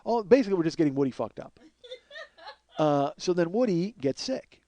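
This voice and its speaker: A man telling a comic story from his youth in a rambling, animated way, full of fillers and acted-out quotes. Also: sits high, moderate pace. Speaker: comedian host.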